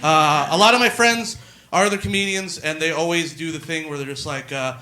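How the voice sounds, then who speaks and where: A man's voice: a little high, a little fast, crowd noise. A young adult man from Brooklyn, telling a rambling, profane comedy story in a casual monologue. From Brooklyn, New York.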